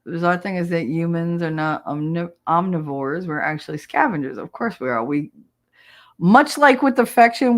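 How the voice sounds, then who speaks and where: A woman hosting a podcast, telling stories in a blunt, profane, casual way and laughing often. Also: on the low side. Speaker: podcast host. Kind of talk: casual solo chat.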